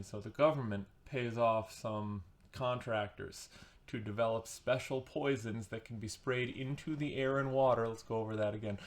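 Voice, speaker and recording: A man giving a casual, sarcastic and rambling book review as a vlogger, with comic asides. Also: mid-range voice.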